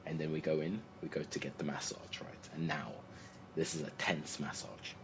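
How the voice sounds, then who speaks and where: A man hosting a livestream, chatting casually and telling an animated anecdote, acting out the people he quotes. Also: extremely low pitch, moderate pace, vocal fry. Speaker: livestream host. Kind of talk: casual storytelling to a co-host. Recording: noisy livestream audio.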